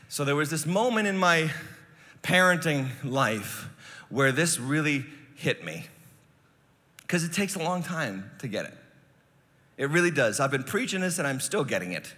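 A middle-aged man preaches in a fairly high, bright, forceful voice. He moves from storytelling into loud, emphatic sermon delivery. The sound rings with the long reverb of a large church hall. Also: big pitch swings, moderate pace, long pauses. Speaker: pastor.

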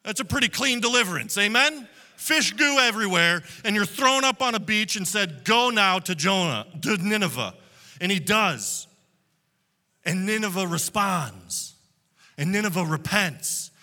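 A pastor man delivers a sermon in an animated storytelling manner. His voice is bright and sharp, with lively swings in pitch. A long reverb from a church hall trails behind every line. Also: moderate pace. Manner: animated storytelling, acting out quotes. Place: church hall with multiple locations.

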